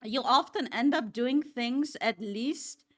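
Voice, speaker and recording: A woman's voice: a little high, slow pace, a bit bright. A woman streamer chatting casually with her viewers, swearing freely and laughing often. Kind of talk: casual chat.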